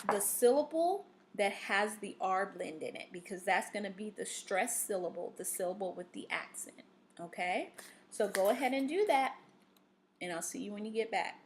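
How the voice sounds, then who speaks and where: A woman's voice: mid-range voice, slight background noise. A woman teaching a reading lesson to young students, giving patient instructions full of fillers and "okay?" checks.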